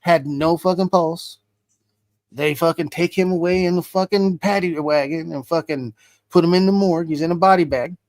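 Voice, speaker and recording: Brief: male guest spinning a crude yarn, high tenor voice, dead-dry mic. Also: normal speed, no room sound. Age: adult. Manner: profane, swears constantly; animated storyteller acting out dialogue. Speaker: interview guest. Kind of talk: casual storytelling.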